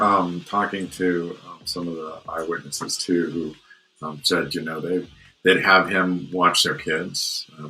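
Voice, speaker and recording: A man's voice: sits low, pushed and bright, poor audio. A man hosting a podcast interview in casual chat, talking hesitantly with many fillers and restarts. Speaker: podcast host.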